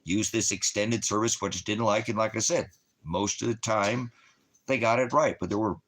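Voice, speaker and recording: A man's voice: lowish voice, fairly even intonation, normal speed. A man telling stories to his followers in a casual, coarse way, swearing constantly and acting out his own angry outbursts. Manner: coarse, swears constantly, mimics shouting at others. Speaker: ministry preacher. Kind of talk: casual profane storytelling to followers.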